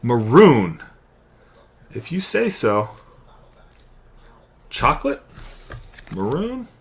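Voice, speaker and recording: A man's voice: medium pitch, wildly swooping pitch, extremely slow. A young man hosting a live card-opening stream, chatting and calling out each card as he pulls it. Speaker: card break host.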